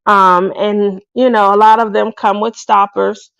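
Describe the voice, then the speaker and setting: A woman's voice: mid-range voice, little pitch movement, a little slow, gravelly, a bit bright, clean tone, dry recording. A woman hosting a craft video, chatting casually to her viewers and laughing often. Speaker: craft channel host.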